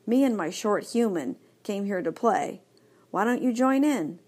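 A woman voicing an excitable young male dog in a storybook reading, bouncy and enthusiastic. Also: medium pitch, a little slow. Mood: eager.

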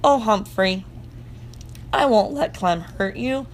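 A woman voicing a kind young schoolgirl who speaks softly and soothingly to a pet in a storybook reading. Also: mid-range voice, lively intonation, slow pace, slight background noise. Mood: gently firm.

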